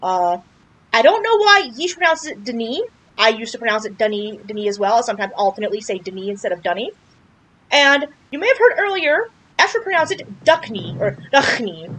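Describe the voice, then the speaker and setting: A woman with a high, bouncy voice talks through a video game, chatty and jokey, often breaking into exclamations. A faint hiss runs under the recording. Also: a bit bright, low-quality recording. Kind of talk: casual game playthrough commentary.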